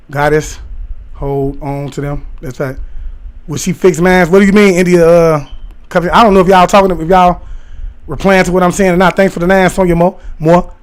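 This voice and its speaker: A man chatting casually on a livestream, rambling excitedly and talking directly to his viewers and their comments. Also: sits high. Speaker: live streamer talking to chat.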